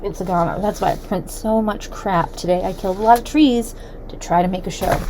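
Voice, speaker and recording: A woman hosts a solo commentary, reading documents aloud and breaking off into chatty, sarcastic asides full of fillers. Her voice sits at an ordinary middle pitch. Faint room ambience runs underneath. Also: a little mellow, a little hiss or hum, poor audio. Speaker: host.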